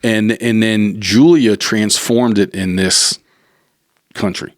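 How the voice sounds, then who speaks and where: Very deep-voiced man telling stories. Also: slow pace, dry recording, studio quality. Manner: animated, repeats words, swears freely, acts out quoted voices. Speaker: chef and barbecue restaurant owner, podcast guest. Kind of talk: casual conversational storytelling.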